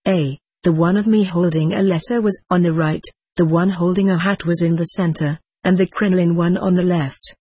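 Husky, low-voiced woman reading aloud. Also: fairly even intonation, moderate pace, few pauses, warm tone, no room sound. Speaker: narrator. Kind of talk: audiobook reading of a diary.

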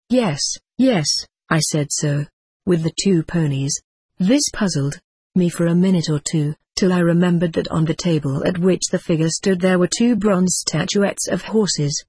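Woman narrator, steady audiobook reading, breathy tone, dry close sound. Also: on the low side, dry recording.

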